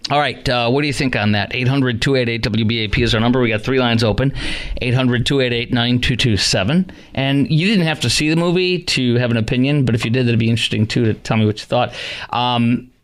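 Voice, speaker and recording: Man, talk radio host, mid-range voice, animated, indignant, rambling monologue. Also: mid-range voice, a little fast. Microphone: studio microphone.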